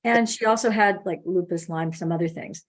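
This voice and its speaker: Hosting a casual phone consultation, a woman with a fairly low voice speaks briskly and tells stories animatedly, acting out quoted speech.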